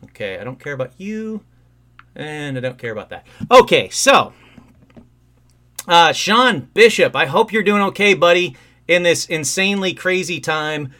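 An excitable man hosts a call-in livestream from his home. His voice sits a little high and bright, and it swings widely in pitch as he rambles and breaks into sudden outbursts. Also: normal speed, a little hiss or hum. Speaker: host of a call-in livestream show. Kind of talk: casual live-stream chat.

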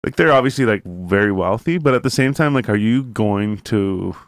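A man's voice: lowish voice, lively intonation, moderate pace, no room sound, studio quality. A young man in casual chat, rambling with many fillers and curse words.

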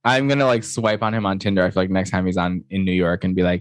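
A man's voice: sits low, level tone, fast talker, no echo, studio quality. A man co-hosting a podcast in a campy, chatty way, swearing freely as he gossips. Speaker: podcast co-host. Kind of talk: casual gossip chat.

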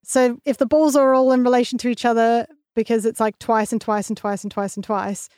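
A woman's voice: a little high, level tone, brisk, darkish tone, smooth, dry recording, studio quality. A young woman co-hosting a podcast, explaining things with enthusiasm. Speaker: podcast co-host. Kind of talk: casual chat on a science podcast.

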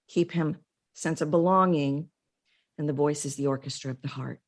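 A woman's voice: deep voice, measured pace. A woman guest in an interview, an expert on the voice, earnestly explaining her ideas through vivid anecdotes. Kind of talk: casual interview storytelling.

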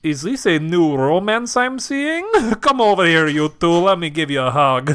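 A man voicing a cheerful male vampire who warmly greets his old friends in an improvised comic bit. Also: high voice, sing-song, unhurried, smooth, voice pushed up, heavily acted. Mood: cheery. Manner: cheery, chatty, welcoming.

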